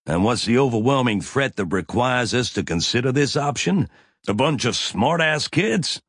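A man reading an audiobook, voicing a gruff male crewman who growls and snaps in a raised, heated voice. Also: medium pitch, expressive, moderate pace, fairly bright tone, no echo, studio quality, pitched above the performer's own voice. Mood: indignant.

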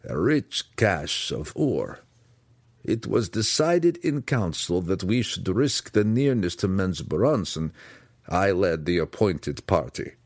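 A man reading aloud, voicing a gruff male deep gnome mining leader with slow, grave lines. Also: big pitch swings, no room sound, full character voice.

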